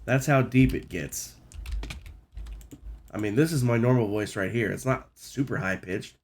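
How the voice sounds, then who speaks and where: A man's voice: medium pitch, unhurried, a little hiss or hum. A man streaming while sick, congested and nasal, chatting casually and rambling with a self-deprecating streak. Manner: rambling, self-deprecating, clears throat often. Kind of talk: casual live-stream chat.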